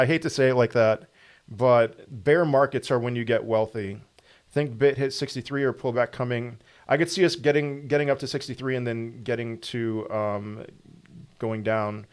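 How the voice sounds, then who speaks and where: A young man runs a casual livestream Q&A. His voice sits at an ordinary middle pitch. He reads viewer questions out and answers them loosely, full of fillers and restarts. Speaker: crypto livestream host.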